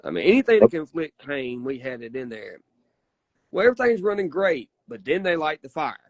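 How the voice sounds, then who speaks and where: A man tells wrestling stories in a relaxed, folksy way. He gets emphatic and swears freely. His voice is recorded close and dry, with no room sound at all. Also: a little high, fairly quick, no room sound. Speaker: wrestler guest. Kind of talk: casual interview storytelling.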